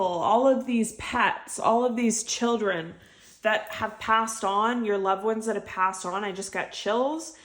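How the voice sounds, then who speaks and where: A woman's voice: medium pitch, fairly bright tone. A woman giving an intuitive tarot reading to her viewers, talking in an earnest, emotional way and repeating her phrases. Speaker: tarot reader.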